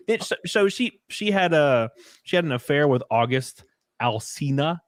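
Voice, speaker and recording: A man talking as a guest in a casual livestream chat, relaxed and joking. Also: on the high side, moderate pace, dry recording, clean studio sound.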